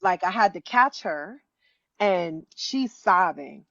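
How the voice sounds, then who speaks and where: Guest storyteller: woman, fifties, lower-pitched voice, dry slightly muffled sound, animated and earnest. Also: slow, gravelly, no echo. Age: 50s. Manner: animated, acts out quoted voices with pitch jumps, many restarts. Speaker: author and educator, guest. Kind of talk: conversational storytelling.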